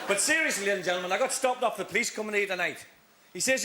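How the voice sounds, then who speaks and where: A man's voice: high-pitched, racing, very noisy. A man doing a corny stand-up act as a game show contestant, telling gag after gag before a live studio audience. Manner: corny joke-telling with shouted punchlines.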